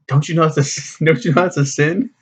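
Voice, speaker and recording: A man's voice: fairly high pitch, steady tone, fast talker, breathy edge, voice pushed up. A man doing a flustered cartoon fox. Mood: agitated. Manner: loose, half-mocking read-out of comic lines. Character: joking young male fox, flustered and preachy.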